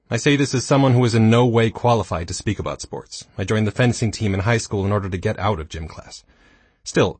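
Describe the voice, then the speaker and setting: Casting note: man in his thirties, low, husky voice, dry self-deprecating audiobook read, close and dry mic. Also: darkish tone, dry recording. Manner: dry, self-mocking humor. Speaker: audiobook narrator. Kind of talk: scripted nonfiction narration.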